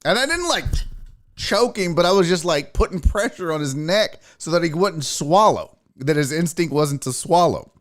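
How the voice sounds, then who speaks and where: A chatty man hosts his show in a loose, rambling monologue. His pitch sits a little high and swings widely as he tells a story. He acts out the lines of his cat and of himself in squeaky voices. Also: lively intonation, normal speed. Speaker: sports show host.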